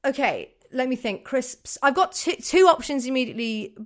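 Animated woman riffing comedy ideas. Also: sits high, normal speed. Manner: animated, laughs often, voices characters. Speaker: co-host. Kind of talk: improvised comedy chat.

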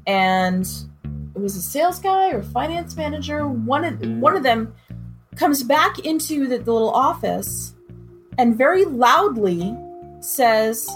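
A woman's voice: high voice, measured pace, faint music behind. A woman recounting a personal ordeal in an interview, acting out what others said. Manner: expressive, acts out quoted voices.

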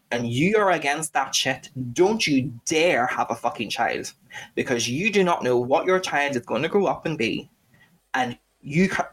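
A man's voice: mid-range voice, fairly bright tone. A Scouse man co-hosting a podcast, telling stories in a blunt, sweary rant. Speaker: podcast co-host. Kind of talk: casual podcast chat.

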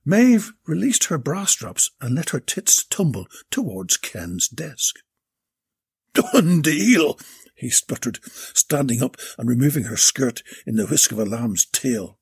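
A man with a gravelly, raspy voice narrating a comic story in a deadpan way. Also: mid-range voice, unhurried.

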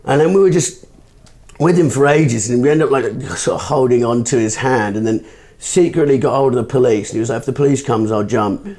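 Man, comedian guest, casual podcast chat, animated storytelling, swears freely. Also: medium pitch. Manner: animated, swearing, quick asides.

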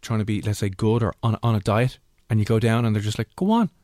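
An Irish man hosts the show in a quick, joking, bantering way. His voice sits at a middle pitch, and the recording is close and dry, with no room sound. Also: level tone, a little mellow, no room sound. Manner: joking, banters and mimics others. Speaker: host. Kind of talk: casual chat.

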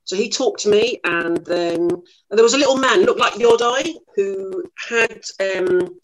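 A middle-aged woman, a lively, self-mocking actress telling stories in an interview. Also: mid-range voice, a little slow, poor audio. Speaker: actress guest. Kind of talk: anecdotal interview storytelling.

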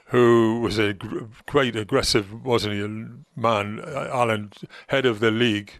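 Gravelly older man spinning old stories. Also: lowish voice, fairly even intonation, slow pace, dry recording, studio quality. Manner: rambling, reminiscing, acts out other people's lines. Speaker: former football manager, guest. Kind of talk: anecdotal storytelling in conversation.

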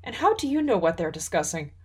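A woman voicing a young dragon in human form, sharp and sarcastic. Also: on the low side, big pitch swings, quick pace, husky. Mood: defiant. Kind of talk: storybook character voice.

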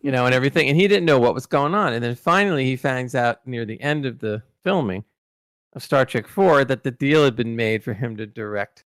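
A man's voice: mid-range voice, animated, brisk, fairly bright tone, clear, resonant tone, no room sound. A man in middle range telling long, rambling stories on a casual podcast, tripping over his words and circling back. The sound is dry and close, with no room around it. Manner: rambling storyteller, many restarts and fillers. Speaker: podcast co-host recalling celebrity interviews.

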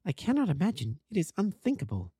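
A man's voice: high-pitched, wildly swooping pitch, quick pace, dark tone, slightly rough, no echo, clean studio sound, pitched above the performer's own voice, heavily acted. A man voicing a distraught, devoted young wife in an audiobook reading, with an intense, pleading manner. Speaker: amateur narrator.

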